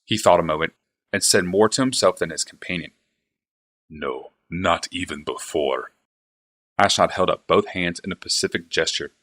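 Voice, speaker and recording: A man reading a fantasy novel aloud in steady, even narration. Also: deep voice, brisk. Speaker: reader, streamer.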